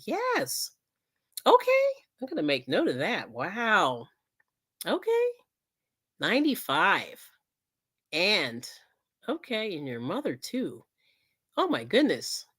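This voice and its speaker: Chatty low-voiced woman hosting a livestream. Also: a bit bright. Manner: chatty, rambling, laughs often, reads out chat comments. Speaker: livestream host. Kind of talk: casual livestream chat.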